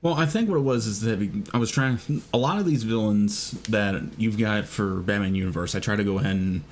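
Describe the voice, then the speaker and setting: A man, a guest voice actor, explaining his work in a relaxed commentary chat. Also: on the low side, a little fast, slight background noise.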